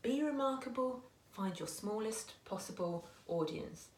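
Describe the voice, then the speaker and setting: A woman's voice: a little high, expressive, unhurried, slight background noise. Chatty woman in an echoey room. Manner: chatty and earnest, often restarting her sentences. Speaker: small business owner and marketer. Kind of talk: casual talking-to-camera advice.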